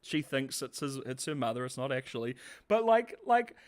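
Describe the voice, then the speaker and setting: A man's voice: medium pitch, sing-song, normal speed. A man giving a casual, sarcastic video review, often laughing, swearing and calling people bro. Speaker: show reviewer.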